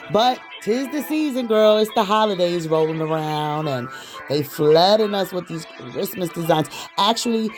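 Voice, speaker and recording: A man chatting casually to viewers while walking through a nail tutorial. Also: on the high side. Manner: chatty, addresses viewers as "girl". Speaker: nail artist.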